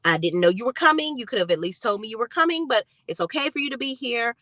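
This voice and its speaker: A woman's voice: on the high side, expressive, fast, fairly bright tone, dry recording, studio quality. A woman putting on the voice of a young man caught out, sheepish and apologetic.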